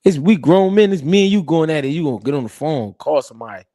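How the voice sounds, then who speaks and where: A man hosting a show, telling profane, animated comic stories in casual chat. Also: on the high side, fast talker, no room sound, studio quality. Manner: animated, profane storytelling with impressions. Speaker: host.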